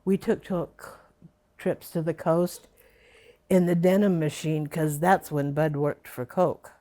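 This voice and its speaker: A woman's voice: deep voice, fairly even intonation, takes it slowly, warm tone. An older woman being interviewed for an oral history, reminiscing in a rambling way with many fillers.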